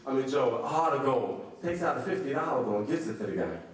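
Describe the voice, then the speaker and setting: A man's voice: medium pitch, expressive, fast talker, slight background noise. A man telling jokes as long stories at a banquet, insisting each one is true. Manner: plain-spoken, insisting each tale is true. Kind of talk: storytelling jokes. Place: large banquet hall. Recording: echoey hall from far off.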